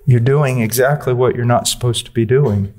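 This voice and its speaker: A man's voice: mid-range voice, steady tone, normal speed, a little mellow. A man preaching a sermon, earnest and direct, pressing his listeners with questions and using blunt, dry humor.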